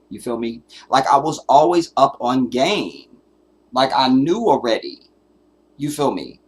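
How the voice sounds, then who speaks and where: Husky-voiced man ranting on a livestream. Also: medium pitch. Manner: emphatic, profane, preachy. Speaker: livestream host. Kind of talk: live commentary rant.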